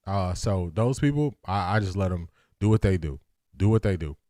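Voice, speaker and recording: A man hosting a casual live sports stream, greeting chat by name and repeating his points, his voice still rough from the morning. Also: sits low, moderate pace, no room sound, studio quality. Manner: relaxed, talks straight to chat, repeats lines for emphasis.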